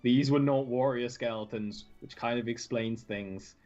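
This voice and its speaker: A man at a mid-pitched, ordinary register narrates a tabletop session as game master. He wanders through his descriptions with fillers and restarts. His voice comes over a dull, lo-fi online call. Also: measured pace, faint music behind. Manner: relaxed, rambling descriptions with many fillers and restarts.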